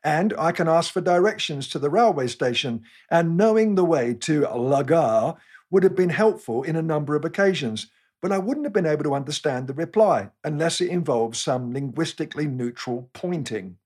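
Wry, husky-voiced English preacher. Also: male voice, on the high side, animated, moderate pace, a little mellow. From England. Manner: wry, self-deprecating storytelling. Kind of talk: scripted sermon talk with humorous anecdotes.

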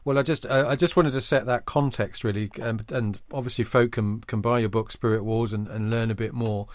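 A man's voice: mid-range voice, fairly even intonation, brisk, no echo. A man hosting an interview, asking his questions hesitantly with many fillers.

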